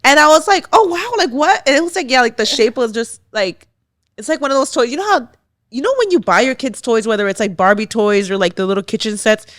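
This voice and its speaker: Young female podcast co-host, animated storyteller, dry studio mic. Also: a little high, fast talker, no room sound. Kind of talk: casual chat.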